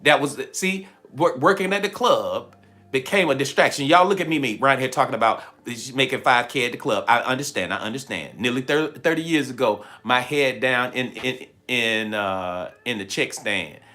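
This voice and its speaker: A man at medium pitch, moving at a moderate pace with lively intonation and a pushed, bright sound, hosts a spiritual livestream. He addresses viewers playfully, laughs often and dramatizes the voices he quotes.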